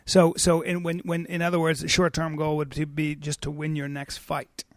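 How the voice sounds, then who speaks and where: High-voiced playful male podcast host. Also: completely flat delivery, normal speed, no echo. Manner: playful, rambling questions with restarts. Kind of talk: casual chat.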